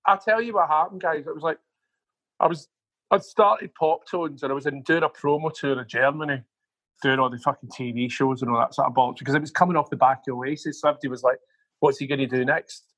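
Man, husky voice, fairly high pitch, profane rambling storyteller, interview guest. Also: steady tone, fast, fairly bright tone, no echo, rough recording. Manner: profane, rambling anecdotes with frequent asides. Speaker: music manager guest.

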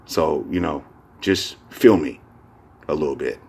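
A man's voice: very deep voice, a little slow, darkish tone, husky. A man hosting a casual solo podcast, talking in a rambling, profane way full of fillers and restarts. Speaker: podcast host.

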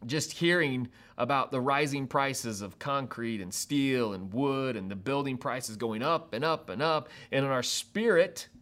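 A pastor preaching a sermon to an online audience, acting out people's reactions with laughs and quick asides. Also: male voice, mid-range voice. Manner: animated, acts out quoted reactions with laughs.

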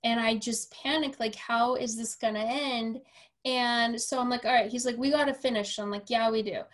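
A woman's voice: fairly high pitch, normal speed. A woman hosting a podcast, a personal trainer telling a story casually, with lots of fillers and acted-out quotes. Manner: animated, acts out quoted dialogue, frequent fillers.

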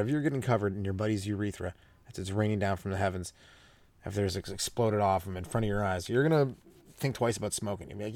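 A man's voice: on the low side, quick pace, darkish tone, no room sound. A young man from Canada, a stand-up comedian hosting a podcast, rambling loosely through his jokes, laughing at them and swearing a lot. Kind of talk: rambling stoned comedy monologue.

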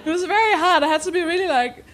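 Giggly high-voiced woman hosting live. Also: lively intonation, fast, fairly bright tone, slight background noise. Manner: giggly, swearing, self-mocking. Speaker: podcast host. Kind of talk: live podcast chat before an audience.

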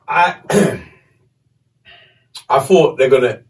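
A man, a podcast host telling a story casually, animated and swearing. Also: medium pitch, very slow, far from the mic.

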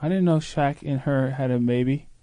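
A man's voice: mid-range voice, normal speed, dark tone, no room sound. A man, co-hosting a casual podcast with playful, mock-naive questions. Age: 40s. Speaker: podcast co-host. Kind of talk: casual comedic chat.

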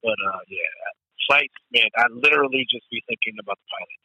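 A man's voice: medium pitch, fast, pushed and bright, dry recording, poor audio. A man in casual chat, telling stories with lots of animation, acting out his own nervous voice and swearing freely.

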